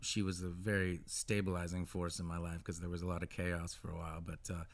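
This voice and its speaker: A middle-aged American man talking as a musician guest in a casual radio interview, halting with many restarts and animated asides. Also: low-pitched. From United States.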